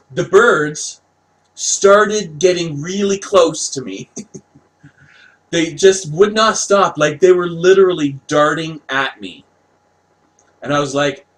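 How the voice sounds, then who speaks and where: A man from Canada casually telling a personal story, animated, laughing and swearing as he goes. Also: a little high, rough recording.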